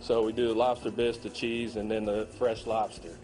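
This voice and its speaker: A man, a consulting chef, talking through a cooking demo in a restaurant kitchen in a relaxed way with lots of fillers. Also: on the low side, brisk, faint music behind. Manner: relaxed explaining, many "uh" fillers.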